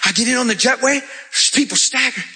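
High bright animated male preacher. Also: a little fast. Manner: animated storytelling, acting out dialogue, shouting praise. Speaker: pastor. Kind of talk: sermon testimony.

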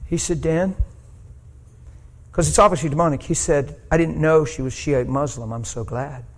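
A male preacher telling a story in a sermon, swinging from hushed asides to loud, shouted peaks. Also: fairly high pitch, steady tone, brisk.

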